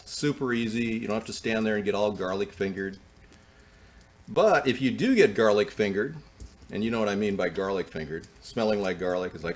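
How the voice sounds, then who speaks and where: Cooking in his own kitchen, a man in his fifties with a lowish voice talks a little fast through a casual demonstration, rambling and dropping folksy asides. A close-up wired mic captures him in a noisy recording.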